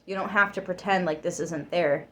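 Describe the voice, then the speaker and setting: A woman's voice: on the low side, normal speed, pushed and bright. A woman giving a tarot reading to her viewers. She talks emphatically, swears freely and gets worked up. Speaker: tarot reader.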